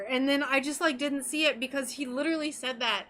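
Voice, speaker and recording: This young woman's voice is high-pitched, brisk, and sharp as she works on stained glass on a live stream. Bubbly and gushing, she chats casually with her viewers.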